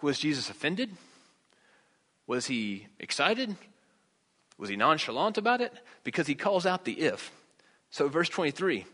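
A man's voice: medium pitch, a bit bright, big-room sound. A man preaching a conversational sermon, reading scripture and asking the listeners rhetorical questions.

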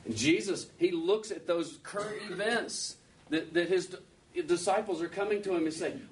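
This male preacher has a voice that sits high and moves at a moderate pace. His sermon is chatty and full of rhetorical questions, picked up by a distant mic with faint background noise.

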